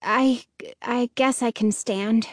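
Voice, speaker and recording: A woman's voice: fairly high pitch, steady tone, slow pace, dry recording, clean studio sound. A woman voicing a frightened young girl who speaks breathlessly and tentatively. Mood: uncertain.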